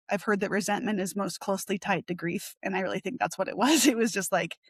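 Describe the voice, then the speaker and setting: Rambling young woman, dry close sound. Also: no room sound. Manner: rambling, heavy use of 'like', animated retelling; acts out quoted voices with sharp pitch jumps. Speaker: podcast guest. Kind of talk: candid conversational interview.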